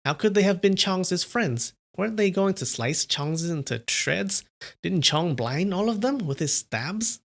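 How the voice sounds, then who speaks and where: A man putting on a warm fifty-something lady. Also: animated, measured pace, vocal fry, heavily acted. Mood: warm, reassuring. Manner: raised falsetto-like woman's voice. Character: woman in her fifties, warm master's wife.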